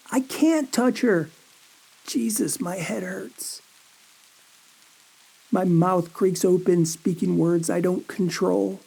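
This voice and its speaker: A man reads a first-person horror story at an unhurried, drawn-out pace. His voice is mellow and warm, and his delivery is a dazed, anxious inner monologue full of halting questions. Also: high-pitched, creaky.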